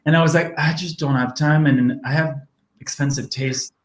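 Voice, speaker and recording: A man's voice: on the high side, steady tone, moderate pace. A man of about thirty from France with a French accent, talking candidly as an interview guest, joking and laughing often. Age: around 30. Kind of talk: casual interview chat. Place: home kitchen. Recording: roomy home kitchen sound.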